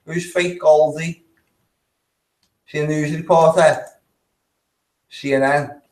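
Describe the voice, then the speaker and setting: A man's voice: fairly high pitch, fairly even intonation, takes it slowly, darkish tone, echoey room, rough recording. A man giving casual, blunt, sweary commentary while reacting to video clips, laughing often.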